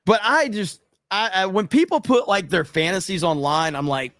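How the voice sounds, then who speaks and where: Sitting high and a bit bright, this American man's voice moves at a normal speed with few pauses as he hosts a casual livestream. He reads out viewer super chats and reacts in a profane, exasperated, joking manner, in studio quality with no room sound.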